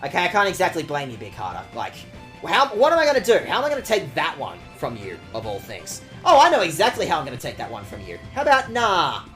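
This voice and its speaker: Casting: male game streamer, lively pitch swings, sarcastic banter, salty language. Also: fast, faint music behind. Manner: animated, sarcastic, swears often. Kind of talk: casual game streaming chat.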